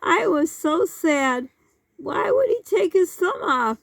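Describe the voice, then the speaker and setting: A woman's voice: very high voice, very animated, slow pace, creaky, dry recording. A middle-aged woman telling childhood stories in a casual, rambling way, laughing often as she talks. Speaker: vlogger. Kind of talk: casual storytelling.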